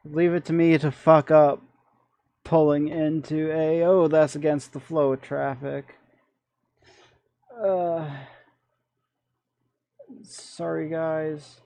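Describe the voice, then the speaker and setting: A man's voice: a little high, gravelly, mellow, dry recording, lo-fi sound. A man with a Michigan accent, streaming and chatting casually through his gameplay in a rambling, self-deprecating way.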